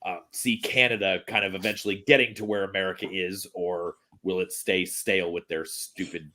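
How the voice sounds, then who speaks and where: A man's voice: low voice, steady tone, normal speed, bright, forceful tone. A man hosting a podcast, chatting casually, often agreeing and reading out listener questions. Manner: agreeable, frequent affirmations. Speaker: podcast host. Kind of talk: casual chat.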